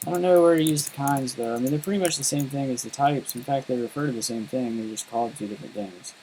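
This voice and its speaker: Casual male coding streamer, rambling and self-mocking, mid-pitched voice, faint noise behind. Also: quick pace, darkish tone, low-quality recording. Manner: rambling and self-deprecating, lots of fillers and laughs. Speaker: programmer streaming his coding. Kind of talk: casual live-stream chat while coding.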